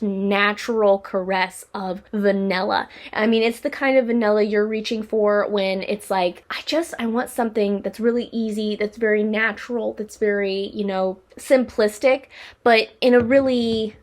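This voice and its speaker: A young woman hosting a casual perfume review vlog, chatty and rambling, with lots of fillers and restarts. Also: mid-range voice. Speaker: perfume reviewer, channel host.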